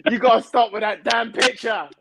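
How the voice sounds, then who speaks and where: A man, a podcast guest chatting casually over a video call in a slangy, animated way. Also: very high-pitched, vocal fry, dry recording, low-quality recording. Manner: slangy and animated, repeating words.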